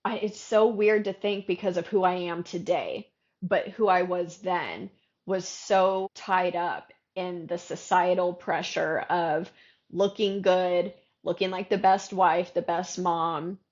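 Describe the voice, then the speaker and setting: A woman's voice: fairly low pitch, highs cut off. A woman co-hosting a podcast, candidly telling her own story in a casual chat. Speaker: podcast co-host.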